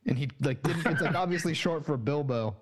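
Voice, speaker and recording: A man co-hosting a podcast, telling stories and laughing along in relaxed casual chat. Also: on the high side, a little fast. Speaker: podcast co-host.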